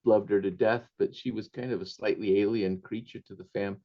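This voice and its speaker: A man's voice: lowish voice, steady tone, fairly quick, highs cut off. Laughing older man telling family stories. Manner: warm anecdotal storyteller, laughs often, drops Spanish phrases. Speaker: author guest. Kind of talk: storytelling interview.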